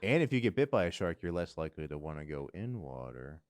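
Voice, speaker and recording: Deep-voiced male co-host, quick one-liners, dry sound. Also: no echo. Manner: wisecracking, deadpan puns. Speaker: podcast co-host. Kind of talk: casual podcast chat.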